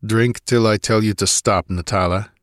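A man reading aloud voices a gruff, curt barbarian warrior in a low growl. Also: fairly even intonation, normal speed, a bit bright, dry recording, clean studio sound, natural voice.

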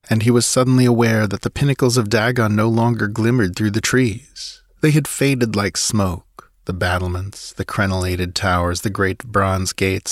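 A man narrating a dramatic adventure story in a measured reading voice. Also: deep voice, no room sound, studio quality. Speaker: audiobook narrator.

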